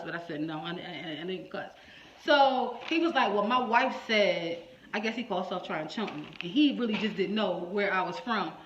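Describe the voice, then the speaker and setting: A woman's voice: medium pitch, a bit bright. A woman hairstylist telling a story to her viewers in a casual, salty way, playing both sides of a phone call. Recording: echoey room, dull lo-fi sound.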